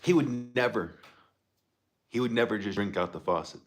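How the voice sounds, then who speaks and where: A man's voice: fairly low pitch, normal speed, reverberant, very noisy. A man livestreaming, telling stories in a casual, rambling way, swearing freely and laughing as he talks. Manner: profane, laughing, rambling banter.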